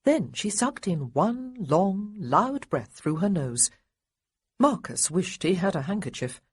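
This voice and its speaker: Woman audiobook narrator, husky, lively and wry, dry studio sound. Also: mid-range voice, slow, dry recording. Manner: expressive, wry storytelling. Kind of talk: scripted narration.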